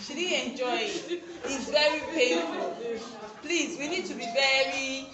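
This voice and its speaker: A woman teacher, giving an online safety lesson to young children, slow and emphatic, repeating her points. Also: high-pitched, over a noisy crowd. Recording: very echoey room, faint noise.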